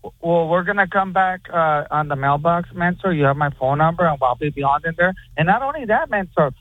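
A man's voice: a little high, animated, fairly quick, no echo. A man from San Diego calling in to a radio show, talking in a brash, hyped-up way. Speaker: caller. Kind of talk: radio call-in chat. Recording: tinny phone line.

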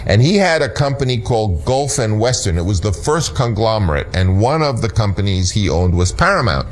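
A man recounting a casting story as an animated storyteller, acting out the voices of people he quotes. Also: fairly low pitch, brisk. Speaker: film director recalling a casting story. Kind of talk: recorded anecdote.

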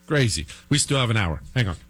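A man's voice: lowish voice, big pitch swings, quick pace, loud music behind the voice. A male host delivering heated, ranting political commentary.

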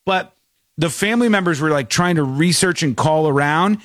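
A man's voice: a little high, moderate pace, fairly bright tone, dry recording, studio quality. A man telling a story in casual chat, acting out the people in it with shifting voices. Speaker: podcast host.

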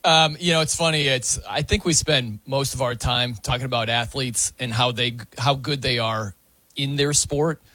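Man, sports talk host, bright and forceful voice, dry close sound, fairly high pitch. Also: normal speed, no echo. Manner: animated, mimics wrestling announcers.

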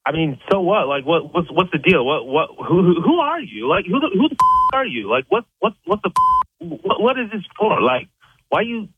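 A man's voice: sits high, very animated, moderate pace, slightly rough, no room sound. Stammering angry man on a lo-fi phone. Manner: stammering, defensive, cursing, repeats words. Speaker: prank call target. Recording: dull lo-fi phone line.

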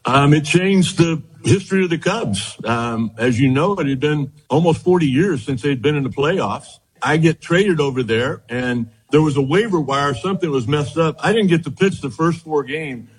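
Husky guy, kinda high voice, spinning old baseball stories in a chat. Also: moderate pace, few pauses, rough recording. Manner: animated storyteller, quotes others, repeats words. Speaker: guest, former baseball pitcher. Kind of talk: storytelling interview chat.

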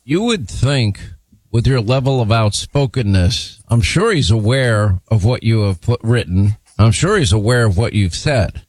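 A man's voice: lowish voice, expressive, a little slow, a little mellow, no echo. A man hosting a cable news interview, speaking with a firm, pointed delivery. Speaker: TV news host.

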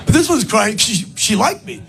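A man doing stand-up comedy in a club, shouting punchlines loudly and working the crowd. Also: sits high, sing-song, moderate pace, vocal fry. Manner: loud, shouting, crowd work. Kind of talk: stand-up set. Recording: live club recording with crowd and music. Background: audience laughter.

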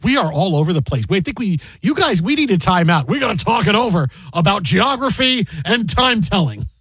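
A man's voice: high voice, husky, dry recording. A man hosting a talk radio show, joking and bantering with his co-hosts. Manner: animated, joking, quick to laugh.

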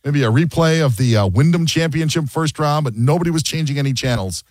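A man's voice: a little high, brisk, no room sound. A man hosting a sports radio show, chatting casually and joking, often acting out quotes. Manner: animated, jokey, acts out quotes.

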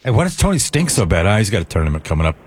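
A man co-hosting a morning radio show with wry, deadpan quips. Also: lowish voice, very fast, slight background noise. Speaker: radio co-host. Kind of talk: casual morning show banter.

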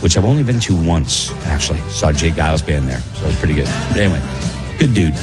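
A man's voice: a bass voice, lively intonation, quick pace, over loud music. A man hosting a casual morning radio show, rambling along in an easygoing way with plenty of fillers.

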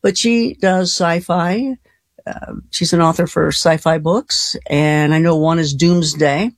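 A woman's voice: fairly low pitch, steady tone, slow pace, no echo. A woman hosting a late-night call-in radio show, chatty and folksy, laughing easily between callers. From Colorado. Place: radio studio.

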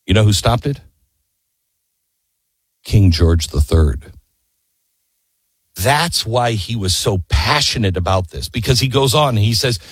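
An impassioned man tells history as a story, earnest and emphatic. He throws out rhetorical questions and presses his listeners to face every part. His husky voice swings widely in pitch, and it sounds dry and close. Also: lively intonation, unhurried, long pauses, dry recording. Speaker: history speaker.

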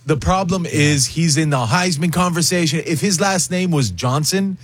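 A man's voice: on the high side, normal speed, over music. Blunt, teasing male co-host. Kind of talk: casual chat.

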